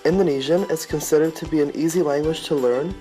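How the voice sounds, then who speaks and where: A man narrating an educational piece in a measured, explanatory reading style. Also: a little high, warm tone, faint music behind, poor audio.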